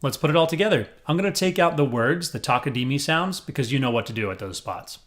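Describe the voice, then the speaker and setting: A man's voice: mid-range voice, expressive, fast talker, fairly bright tone. A man teaching a music rhythm lesson, upbeat and self-described as corny, counting along with his students. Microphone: headphones on.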